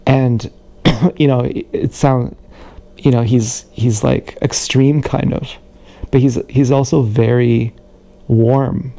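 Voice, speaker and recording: A man talking in a casual rambling monologue on a livestream, halting with many restarts and repeated words, recorded on an action camera mic. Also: mid-range voice, level tone, gravelly, mellow.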